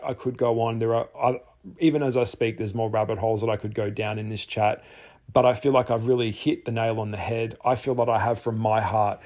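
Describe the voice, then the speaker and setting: A man's voice: on the low side, darkish tone. An Australian man talking candidly to the camera, earnest and rambling, often repeating phrases for emphasis. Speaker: tarot artist and vlogger.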